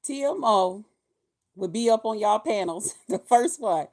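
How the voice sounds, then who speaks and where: A woman in her fifties talking casually in a vlog, animated and profane, laughing often. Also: medium pitch, a little slow. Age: 50s. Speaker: vlogger.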